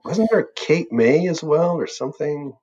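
Husky man reminiscing with easy laughs. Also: fairly high pitch, animated, normal speed, a little mellow. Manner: rambling, laughs often between phrases. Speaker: birding tour leader. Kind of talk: casual reminiscing chat. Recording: dull lo-fi sound.

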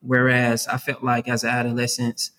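A man's voice: medium pitch, monotone, normal speed, sharp tone. Upbeat man who keeps saying "man". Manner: earnest, upbeat, says "man" and "right" often. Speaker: youth worker, guest. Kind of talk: conversational interview.

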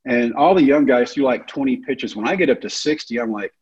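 A man's voice: medium pitch, expressive, a little fast, darkish tone, breathy edge, dull audio. A man, telling his life story and acting out the other people's lines. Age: 30s. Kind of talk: storytelling talk.

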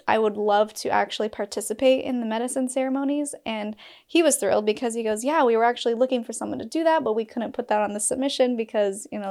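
A woman's voice: a little high, a little mellow. A woman from Utah telling a personal story in a candid vlog, breaking off with laughs and asides. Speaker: storyteller sharing a personal experience.

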